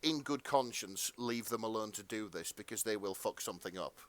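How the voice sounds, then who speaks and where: Man, podcast co-host, fan fiction read-aloud, relaxed storyteller, dry recording. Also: fairly low pitch, fairly quick, no echo. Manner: relaxed storytelling with swearing and asides.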